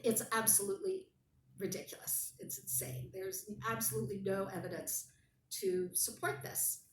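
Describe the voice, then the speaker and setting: Woman, guest storyteller, wry and animated, distant mic, faint background ambience. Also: mid-range voice, normal speed, gravelly, roomy sound, a little hiss or hum. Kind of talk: casual storytelling in conversation.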